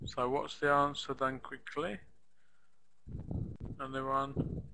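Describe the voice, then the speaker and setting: A male English teacher leading a live online class. His voice is bright and forward, and he speaks slowly and deliberately. He models phrases over and over for the students to copy. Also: medium pitch, little pitch movement, vocal fry, slight background noise, rough recording. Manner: slow, patient explaining with repeated model phrases.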